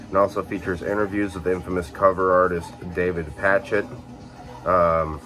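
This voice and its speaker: Faint background music accompanies a young Illinois man as he walks through his collection in a casual chat. His voice is very low and relaxed, fresh from waking up, and peppered with fillers and rapid self-corrections.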